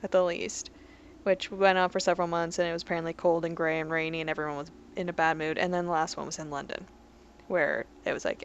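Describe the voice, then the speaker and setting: A woman's voice: fairly low pitch, little pitch movement, fast, highs cut off, slight background noise. A woman hosting a let's play, reading in-game history entries aloud with joking asides and frequently tripping over her words. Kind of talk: casual gameplay commentary.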